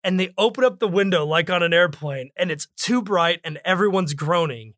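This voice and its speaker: A man's voice: high voice, moderate pace, a bit bright, no echo, studio quality. A man hosting a book discussion podcast, talking in an emphatic, preacher-like way. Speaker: podcast host.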